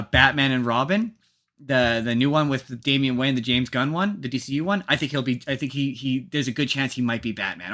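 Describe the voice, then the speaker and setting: Bright-voiced man rambling on a podcast. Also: medium pitch. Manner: rambling, restarts often. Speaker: podcast host. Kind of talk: casual podcast chat.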